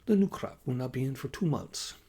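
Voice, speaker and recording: A man reading the part of a patient Northern European woman scientist who speaks gently and matter-of-factly, with slightly odd phrasing. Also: lowish voice, moderate pace, slightly rough.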